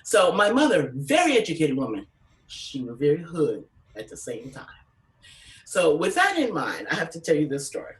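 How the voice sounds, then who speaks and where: Lowish-voiced woman doing stand-up, lively story voices, sounds far off the mic. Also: normal speed. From California. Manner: animated, acts out voices with big pitch jumps. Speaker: comedian.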